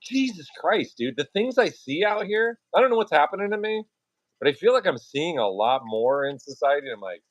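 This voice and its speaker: A man's voice: a little high, normal speed, no echo, muffled recording. A man hosting his own livestream, telling stories in casual, profane chat and acting out the people he quotes. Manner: profane, animated storytelling with acted-out quotes.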